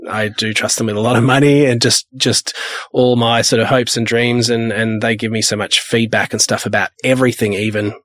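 A man's voice: medium pitch, little pitch movement, a little fast, fairly bright tone, dry recording, studio quality. A man from Perth, a music producer and label owner who tells rambling, anecdotal stories in a casual interview. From Perth, Australia. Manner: rambling, anecdotal, acts out the people in his stories.

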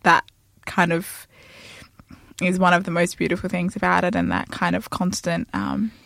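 A woman's voice: lowish voice, level tone, moderate pace, vocal fry, a bit bright, no echo. A woman interviewing a guest in a chatty, appreciative way. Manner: chatty, appreciative, laughs easily. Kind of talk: casual interview.

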